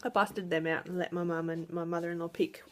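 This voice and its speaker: Chatty young mum vlogging. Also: female voice, lowish voice, level tone, fairly quick, noisy background. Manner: chatty, laughing, distracted by her child. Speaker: direct sales consultant. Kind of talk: casual vlog chat. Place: at home.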